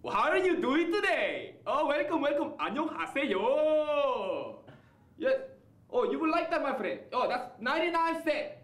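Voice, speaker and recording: A male comic playing a loud, crude liquor store owner in a stand-up bit, with exaggerated shopkeeper patter. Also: very high voice, big pitch swings, extremely slow, long pauses, full character voice. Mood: brash. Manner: exaggerated put-on foreign-sounding shopkeeper patter, crude punchlines. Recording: echoey club from far off with noise.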